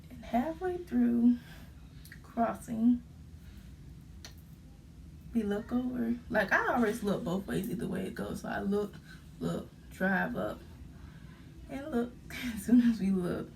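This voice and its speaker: A young woman tells her story in a casual vlog, her voice gravelly with vocal fry. She talks in halting bursts full of fillers and sounds close to tears. The mic sits a little away from her, with a faint room hum behind. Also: on the high side, expressive, a little mellow, far from the mic. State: holding back tears. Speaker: vlogger.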